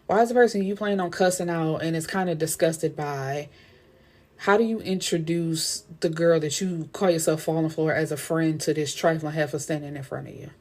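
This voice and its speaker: A woman giving a casual recap of a novel, with blunt, slangy, animated commentary. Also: low voice, normal speed. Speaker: book reviewer.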